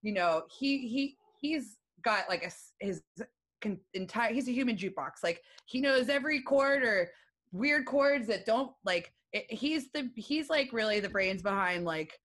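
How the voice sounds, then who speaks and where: A woman's voice: fairly high pitch, expressive, normal speed, a bit bright. A woman from Pennsylvania, a musician guesting on a podcast, chatting casually with lots of fillers.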